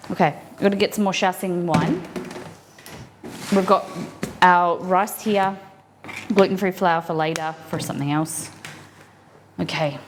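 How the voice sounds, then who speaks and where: A woman's voice: lowish voice, steady tone, measured pace, pauses often, a little hiss or hum. A woman, chatting upbeat to her viewers while she cooks in her home kitchen. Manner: chatty, upbeat, reacts to chat while cooking. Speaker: cooking streamer. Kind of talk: live cooking stream chat.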